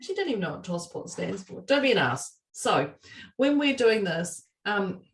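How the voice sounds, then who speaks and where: A woman co-hosting a casual podcast chat, a lively storyteller who laughs often and acts out the lines she quotes. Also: mid-range voice, moderate pace, reverberant, recorded from a distance. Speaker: podcast co-host.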